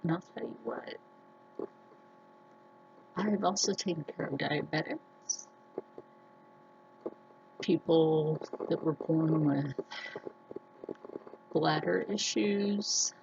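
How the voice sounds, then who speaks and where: A woman vlogger talking earnestly to her viewers, telling personal stories slowly with many restarts. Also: sits low, gravelly, muffled recording, background noise. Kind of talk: casual personal talk to camera.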